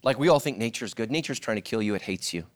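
A middle-aged male pastor preaching a sermon, swinging from loud, high-pitched joking to a hushed, earnest tone. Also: quick pace. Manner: animated, jokes in a loud, high voice, then drops to a hushed, earnest tone.

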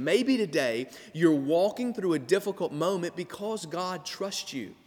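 Male pastor, slightly high voice, sermon delivery with repeated building phrases, long hall reverb. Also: lively intonation, a little slow, few pauses, a little mellow. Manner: preaching with rising emphasis and repetition.

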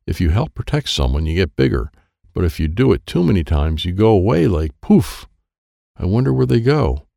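Deep gravelly man reading a children's book. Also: sing-song, normal speed, mellow, no echo, clean studio sound. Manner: simple first-person telling as a boy. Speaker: audiobook narrator. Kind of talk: children's storybook narration.

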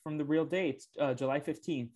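A man's voice: on the high side, normal speed, a little mellow. A man co-hosting a casual podcast, talking loosely and enthusiastically with lots of "like" fillers. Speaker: podcast co-host.

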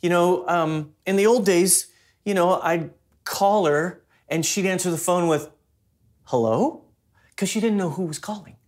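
A man's voice: sits high, moderate pace. A man preaching a sermon as a pastor, in a conversational way that mixes personal stories with teaching.

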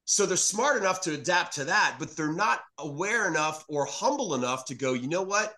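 A man from New York City talks in casual podcast chat, blunt and animated, dropping swear words as he goes. His voice sits a little high and comes across bright and forceful. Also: normal speed. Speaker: podcast guest.

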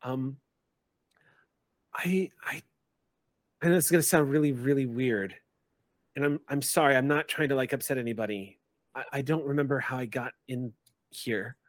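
A man's voice: medium pitch, normal speed, long pauses, no echo, natural voice. A man voicing a dazed, nervous young female student who stammers and apologizes.

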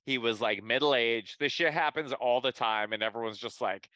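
Sarcastic swearing podcast co-host, bright tone. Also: male voice, medium pitch, normal speed, few pauses, no echo. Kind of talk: casual podcast chat.

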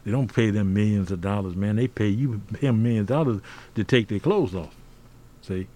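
Speaking a little fast in a lowish, warm voice, an older American podcast guest gets emphatic and preacherly in a conversational interview, often throwing in "see?".

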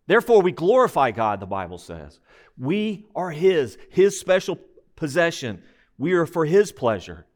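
Rhetorical questions punctuate this man's sermon, which he delivers with measured emphasis. He is a pastor with a lively voice pitched on the high side.

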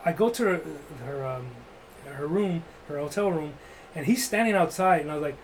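A man's voice: a little high, expressive, moderate pace, a little hiss or hum, poor audio. A man telling a rambling, crude, joking story in casual chat, full of "like" and restarts.

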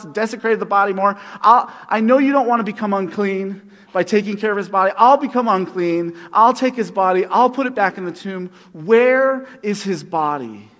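A man's voice: sits high, gravelly, bright, forceful tone, husky, big-room sound, exaggerated voice. A man voicing Mary Magdalene as a bold, exasperated woman who talks in sassy modern slang.

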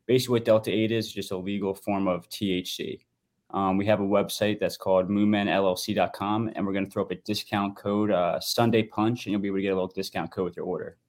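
A man's voice: on the low side, fairly even intonation, fast, darkish tone. A man giving a casual, somewhat hesitant sponsor plug with fillers on a podcast. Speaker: sponsor guest.

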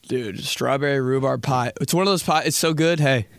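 A man's voice: mid-range voice, brisk, vocal fry, noisy background. A young man hosting his own podcast, chatting casually and telling rambling, jokey stories with a lot of swearing. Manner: profane, rambling, jokey storytelling. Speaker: podcast host. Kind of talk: solo casual podcast chat.

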